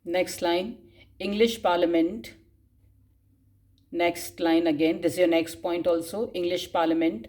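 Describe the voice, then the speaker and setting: A woman's voice: lowish voice, fairly even intonation, unhurried, darkish tone. A woman teacher dictating class notes, spelling words out and repeating phrases, with frequent coughs. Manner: frequent coughs and throat clearing.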